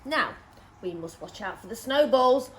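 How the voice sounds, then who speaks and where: Woman playing a bossy, brisk female cat. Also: on the high side, lively intonation, a little hiss or hum. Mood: warning.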